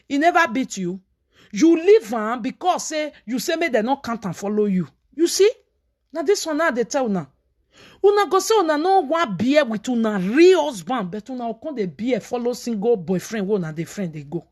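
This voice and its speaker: A woman speaking in a Nigerian Pidgin accent, telling a story as a vlogger and scolding dramatically, switching between shouts and hushed asides. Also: a little high, expressive, normal speed. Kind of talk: animated storytelling commentary.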